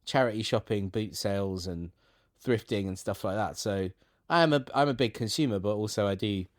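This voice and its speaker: Male co-host, lower voice, chatty and meandering, on a call. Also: brisk, no room sound, clean studio sound. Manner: rambling, jokey tangents with many restarts. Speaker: podcast co-host. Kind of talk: casual chat. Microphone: remote call.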